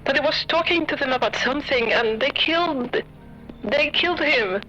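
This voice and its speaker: Brief: woman playing a scared little kid, high and halting, pleading for help. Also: animated, bright, forceful tone, lo-fi sound, soft background music. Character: frightened young child fleeing a fire.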